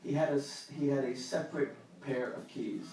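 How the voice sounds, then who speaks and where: A rabbi doing stand-up comedy, telling a story in an animated way and slipping into the voices of the people in it. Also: male voice, medium pitch, normal speed. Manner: animated, jumps between characters' voices. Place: comedy club stage. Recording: echoey live club, mic from a distance.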